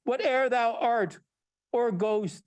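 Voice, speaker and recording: A man's voice: extremely high pitch, slow pace, clear, resonant tone, no room sound, pitched above the performer's own voice. A man reciting the lines of an awed medieval poet in declaiming, archaic verse.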